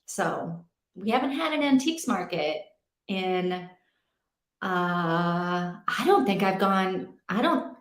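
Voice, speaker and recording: A woman's voice: lowish voice, expressive, slow. A young adult woman hosting a casual read-along stream from home, chatting in a rambling way and laughing often. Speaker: livestream host. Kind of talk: casual chat. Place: home in Portugal. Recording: roomy echo.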